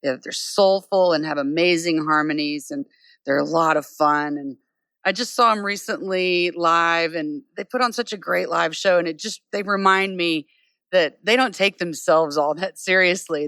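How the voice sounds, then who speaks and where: A woman's voice: fairly low pitch, measured pace, dry recording. A woman singer-songwriter talking casually and enthusiastically as an interview guest, on stage at a bar. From United States. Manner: easygoing, enthusiastic, warm praise.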